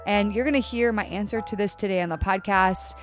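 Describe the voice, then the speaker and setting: A woman's voice: mid-range voice, fairly quick, faint music behind. A woman in her thirties hosts a casual dating podcast. She sounds upbeat, laughs often, and talks straight to her listeners. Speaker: podcast host.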